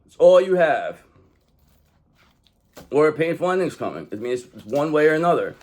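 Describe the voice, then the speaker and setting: A man's voice: a little high, sing-song, normal speed, darkish tone, slight background noise. A man giving a casual tarot card reading, blunt and profane, rambling as he talks straight to the viewer. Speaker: tarot reader.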